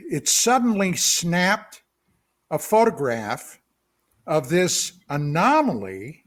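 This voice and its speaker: Male radio co-host with hiccups, fairly high voice, dramatic storyteller who turns to the listener. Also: a bit bright. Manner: dramatic storyteller, stretches key words, asides to the listener. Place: radio studio.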